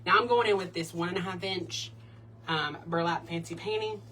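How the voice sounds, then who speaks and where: A woman's voice: lowish voice, normal speed, fairly bright tone, distant mic, slight background noise. A woman hosting a casual wreath-making tutorial in her home craft room, chatty and bubbly. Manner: chatty, bubbly, breaks into little sing-song bits. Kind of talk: casual crafting demo chat.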